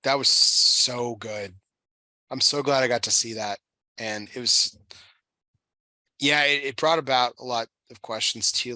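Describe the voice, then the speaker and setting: A man in his thirties, a podcast host, chatting emotionally with halting restarts and casual swearing. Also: mid-range voice, fairly even intonation, sharp tone, no echo. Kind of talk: casual chat.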